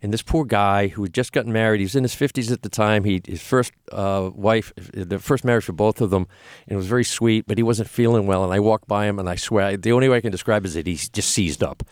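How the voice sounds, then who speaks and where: A man, an actor, telling stories in a lively, animated way during a casual interview. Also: fast, few pauses, no room sound, studio quality. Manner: lively, animated storyteller with laughs and big pitch jumps. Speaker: guest, actor and former flight attendant. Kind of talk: casual storytelling.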